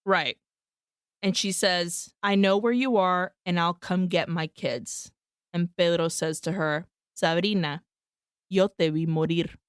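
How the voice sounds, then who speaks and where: Podcast co-host, woman, smooth, dry close-mic sound, casual bilingual plot recap. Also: lowish voice, steady tone, measured pace, no room sound. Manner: recaps the plot, switching between English and Spanish, swears freely. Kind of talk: casual film-recap chat.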